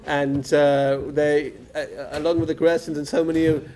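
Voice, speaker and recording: Fairly high-voiced man introducing speakers. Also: flat delivery, normal speed, darkish tone. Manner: rambling, repeats words. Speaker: conference emcee. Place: conference hall.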